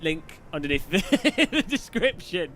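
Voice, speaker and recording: Male streamer, a bit high, bright and forceful, rambling and jokey. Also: sing-song, measured pace, slight background noise. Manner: chatty, jokey, rambling with restarts. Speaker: streamer host. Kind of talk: casual live-stream chat.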